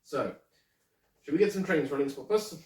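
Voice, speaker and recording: A man's voice: mid-range voice, expressive, normal speed, echoey room, recorded from a distance, low-quality recording. A man presenting his model railway in a casual show-and-tell, chatty and hesitant, with many ums. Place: indoor room with a model railway layout.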